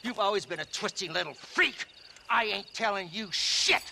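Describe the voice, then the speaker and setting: An actor playing a frightened captive who stammers and shouts defiantly in a video game cutscene. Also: male voice, high voice, lively intonation, moderate pace, creaky, slight background noise, heavily acted. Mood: panicked. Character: terrified captive man being tortured.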